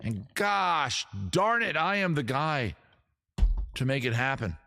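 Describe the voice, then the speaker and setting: A man's voice: a little high, very animated, slow pace, gravelly, bright, forceful tone. Middle-aged guy hosting a goofy stream, rambly, jokey, hams up his big announcements. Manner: jokey, rambling, playfully grandiose. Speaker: host. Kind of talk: casual comedy livestream.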